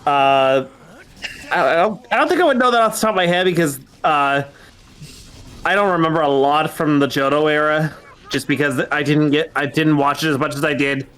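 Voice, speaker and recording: A man chatting on a game stream in a fairly high voice. He stalls often, circling back and restarting his sentences. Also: normal speed, fairly bright tone, clean tone. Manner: hesitant, many fillers and restarts. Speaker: streamer host. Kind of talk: casual gaming stream chat.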